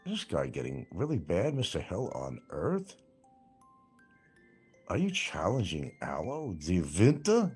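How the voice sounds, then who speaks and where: A man rambles through a livestream, reading viewer comments and answering them with crude, mocking jabs. His pitch swings widely as he talks, and his voice has a slightly husky edge. Faint music plays underneath. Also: huge pitch swings, takes it slowly, darkish tone. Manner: crude, mocking, laughs at his own jokes. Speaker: livestream host reading chat. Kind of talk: rambling casual livestream chat.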